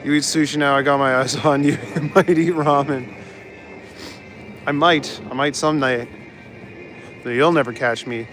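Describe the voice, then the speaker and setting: A young man chats casually with his viewers while walking through the city streets. His voice sits at a medium pitch, relaxed and easygoing, with frequent chuckles. The sound is from an outdoor phone mic with faint music in the background. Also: moderate pace, long pauses. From Canada. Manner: laid-back, chuckles often, reads out chat. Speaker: live streamer. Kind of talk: casual chat.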